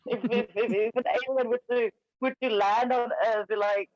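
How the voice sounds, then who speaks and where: A chatty South African woman whose accent drifts toward American. She laughs easily and talks in a lively, loose way, heard dry and close on a slightly dull, lo-fi recording. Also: a little high, a little fast, hardly any pauses, no echo. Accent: South African with American influence. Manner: laughs often, chatty and animated. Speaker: guest. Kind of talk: casual chat.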